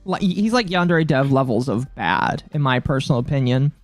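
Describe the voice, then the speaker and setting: A man's voice: mid-range voice, lively intonation, a little fast, no echo, faint music behind. A man co-hosting a live stream, giving blunt opinions and swearing casually. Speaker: streamer co-host.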